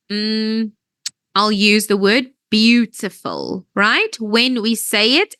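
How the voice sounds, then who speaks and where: Animated, slow-spoken woman teaching grammar. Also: fairly high pitch, dry recording. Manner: patient, explains step by step, checks understanding often. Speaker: English teacher. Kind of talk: online grammar lesson.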